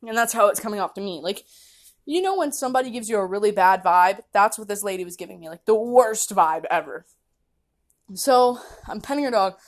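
A young woman from the United States, hosting a podcast from her kitchen, telling a story in a casual, animated way, laughing often and acting out what people said. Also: mid-range voice, brisk. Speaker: podcast host. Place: home kitchen.

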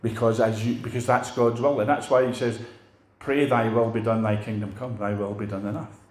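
A man's voice: fairly low pitch, little pitch movement, fairly quick, echoey room. An older man preaching a sermon in a conversational way, putting rhetorical questions to his congregation.

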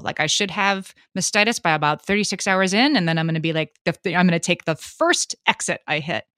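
A woman's voice: on the low side, fast, no echo, studio quality. A woman in her late thirties telling stories on a podcast, acting out what others said. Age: 30s. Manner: animated storyteller acting out quotes. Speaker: podcast co-host. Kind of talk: casual storytelling chat.

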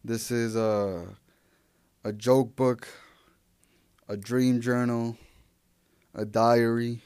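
A man's voice: mid-range voice, little pitch movement, very slow, a little mellow, clear, resonant tone, dry recording, studio quality. A young man hosting a solo podcast, talking loosely and profanely with many restarts and fillers. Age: young adult. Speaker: podcast host. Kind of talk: casual solo podcast rambling.

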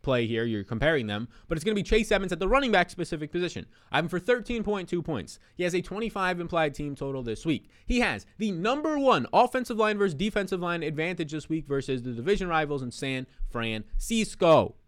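A young man hosting a fantasy football picks show, talking in an energetic, profane, hype-man way. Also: on the high side, fairly quick, few pauses. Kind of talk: hyped sports betting talk.

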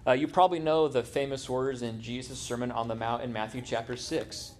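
A pastor preaching a sermon in a church, talking conversationally and making quips to the congregation. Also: male voice, mid-range voice, steady tone, fairly quick, a little hiss or hum.

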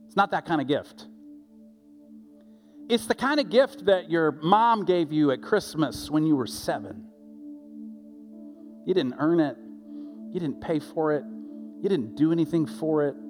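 A middle-aged man gives a sermon in an animated, conversational way, stumbling and restarting as he goes. His voice sits a little on the high side. Loud music plays beneath him throughout. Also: unhurried, pauses often. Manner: animated, conversational preaching with restarts and acted asides. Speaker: pastor.

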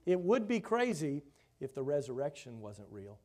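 A man preaching a sermon, reading scripture aloud and expounding on it with rhetorical questions, his voice swelling loud for emphasis and dropping soft. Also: fairly high pitch, very animated, normal speed.

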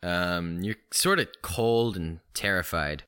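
A man's voice: low-pitched, slow pace, bright, forceful tone, smooth. A young man co-hosting a comedy podcast, rambling through a text adventure with lots of ums and trailing-off anyways. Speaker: podcast co-host running a text game. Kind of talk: casual comedic banter.

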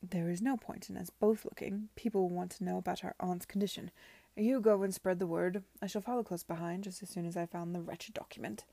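A woman voicing a callous, scheming young gentleman who speaks in a cold, pushy way. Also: fairly low pitch, fairly even intonation, fairly quick, gravelly, dry recording.

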